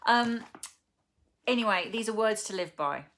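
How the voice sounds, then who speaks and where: A middle-aged woman with an English accent, chatting casually and reading poetry aloud, soft and emotional with breathy whispered asides. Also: mid-range voice, animated, a little slow, slight background noise. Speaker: vlogger.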